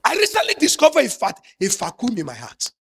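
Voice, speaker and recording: A male pastor delivers a sermon in a high-pitched voice. His tone is husky and a little rough. He drops to soft, close asides, then builds to loud, forceful emphasis. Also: wildly swooping pitch, brisk.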